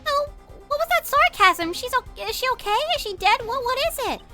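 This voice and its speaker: A woman's voice: very high voice, sing-song, moderate pace, over music. A woman voicing a cheerful, blunt teenage girl magician in a fan game dub. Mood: anxious. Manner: bubbly, blunt, playful.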